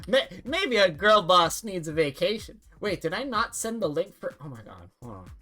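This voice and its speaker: A young adult woman streamer chatting casually, rambling and halting with many restarts and the odd swear. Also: on the low side, sing-song, sharp tone, faint music behind.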